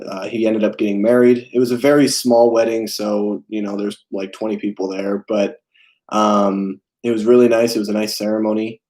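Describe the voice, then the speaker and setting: A young man hosting a casual live stream, talking haltingly with many fillers and answering viewers' chat messages. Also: lowish voice, darkish tone, low-quality recording. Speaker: film channel host.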